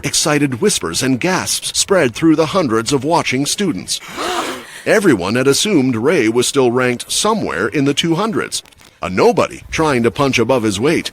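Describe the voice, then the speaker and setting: Man narrating with lively dramatic pitch. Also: moderate pace. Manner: dramatic storytelling. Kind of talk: scripted narration.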